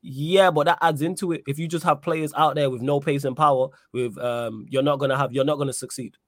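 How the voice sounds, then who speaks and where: A man's voice: on the high side, fairly even intonation, a little fast, no echo, studio quality. A man hosting a casual football podcast, talking in an emphatic, opinionated way and repeating his points. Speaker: podcast host. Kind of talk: casual football chat with live chat readout.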